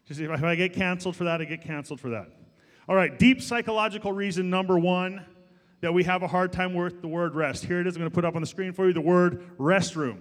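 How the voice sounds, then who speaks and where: A middle-aged man preaching a sermon as pastor, jokey and lively, talking straight to the congregation. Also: a little high. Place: church. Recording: long church hall reverb.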